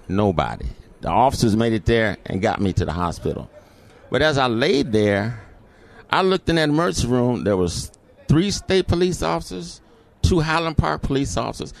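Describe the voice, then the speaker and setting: A man's voice: fairly high pitch, vocal fry. A middle-aged man, telling a personal story as an interview guest and acting out the voices in it.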